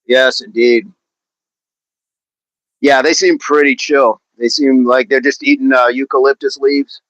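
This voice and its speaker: A man's voice: medium pitch, fairly even intonation, measured pace, a bit bright, dry recording, lo-fi sound. A man hosting a casual livestream, chatting with viewers in a hesitant way with many fillers and restarts. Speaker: livestream host. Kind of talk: casual livestream chat, reading viewer comments.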